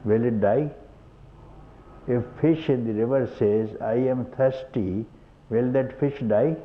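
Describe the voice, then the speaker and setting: A man's voice: mid-range voice, a little slow. An older man with an Indian accent giving a satsang talk as a spiritual teacher, chuckling often and asking rhetorical questions, on a tinny old tape with faint hiss. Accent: Indian English.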